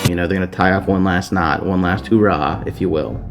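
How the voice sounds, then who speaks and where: A man's voice: sits low, fairly quick, over loud music. A man hosting a podcast, recapping a children's book in a casual, crude, rambling way, swearing freely. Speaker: podcast host.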